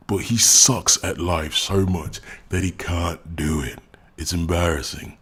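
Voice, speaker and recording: An English man with a deep, husky voice gives sarcastic reaction commentary. He sounds exasperated and mocking, laughing at his own jabs. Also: measured pace, fairly bright tone. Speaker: commentary YouTuber.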